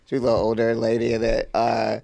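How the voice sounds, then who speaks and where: A young man co-hosts a podcast in easy, slangy chat, telling long stories. His voice sits at a mid pitch, and he breaks into loud laughter. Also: completely flat delivery, fast talker, vocal fry. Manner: laid-back, laughs loudly, slangy. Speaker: podcast co-host. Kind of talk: casual chat, storytelling.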